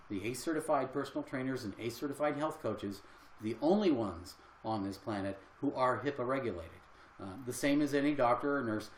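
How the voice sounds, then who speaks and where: A man's voice: mid-range voice, slight background noise. Earnest older man in an echoey room. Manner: earnest, conversational, rambling with fillers. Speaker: health coach. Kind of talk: casual livestream talk.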